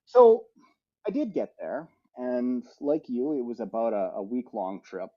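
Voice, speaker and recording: A middle-aged man co-hosting a podcast, telling a rambling travel anecdote in a lively, casual way with frequent restarts. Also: mid-range voice, a little slow. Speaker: podcast co-host. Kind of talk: casual storytelling. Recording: slightly muffled audio.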